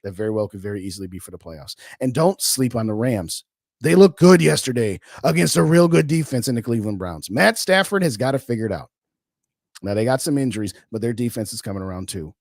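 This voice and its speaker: A man's voice: medium pitch, expressive, a little fast, gravelly, darkish tone, dry recording, studio quality. A man hosting a sports podcast, chatting casually and answering viewer comments in an opinionated, colloquial way. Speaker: podcast host. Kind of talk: casual live-stream sports talk.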